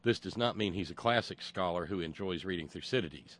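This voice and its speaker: A man's voice: low voice, fairly quick, fairly bright tone. A man giving a rambling, sarcastic monologue with lots of restarts. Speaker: commentator. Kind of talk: casual monologue commentary.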